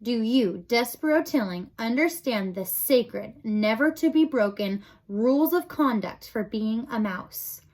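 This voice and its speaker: A stern male head mouse judging a trial, as a woman puts him on, commanding and formal. The voice lifts and falls with lively emphasis. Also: on the high side, measured pace, few pauses.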